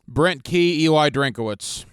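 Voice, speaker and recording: A man hosting a radio sports talk show, brisk, firing off quick questions at his guest. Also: fairly high pitch, a bit bright, clean tone, no echo.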